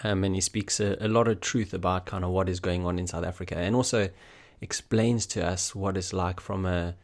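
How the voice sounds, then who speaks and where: A man with a very deep voice co-hosts a podcast. He talks in a friendly, casual way, filling pauses with "uh" and "I guess.". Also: steady tone. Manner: friendly, hesitant fillers. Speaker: podcast co-host. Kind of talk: casual chat.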